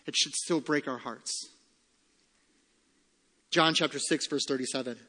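A man preaching a sermon as pastor, earnest and emphatic, slowing down and dropping soft on key phrases. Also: on the high side. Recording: long reverb of a large hall.

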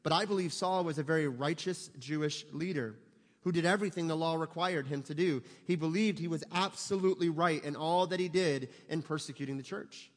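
A man's voice: on the high side, a little fast, long reverb tail. A man preaching a sermon as pastor, speaking emphatically and asking his listeners rhetorical questions.

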